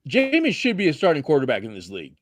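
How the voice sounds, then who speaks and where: A man hosting a casual sports talk show, animated and loose, swearing freely as he reads out the standings. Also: a little high, fast talker. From Seattle area. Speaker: podcast host.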